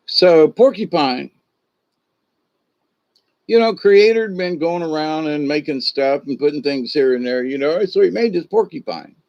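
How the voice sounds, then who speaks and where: A man's voice: on the high side, expressive, unhurried, no echo. Rambling man telling a folk tale. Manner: rambling, full of "you know" and restarts. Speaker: shaman storyteller. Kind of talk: casual spoken storytelling. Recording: dull lo-fi recording.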